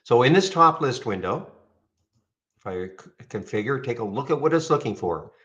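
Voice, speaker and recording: Guy rambling thru a trading software demo, mid pitch, kinda muffled audio. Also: animated, normal speed. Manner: rambling, frequent restarts and "okay?" check-ins. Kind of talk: casual screen-share tutorial.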